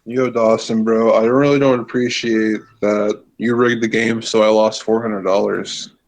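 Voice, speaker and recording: A man's voice: fairly low pitch, little pitch movement, a little slow. A young man from Florida chatting as a co-host, joking dryly and swearing casually. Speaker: co-host friend. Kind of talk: casual chat.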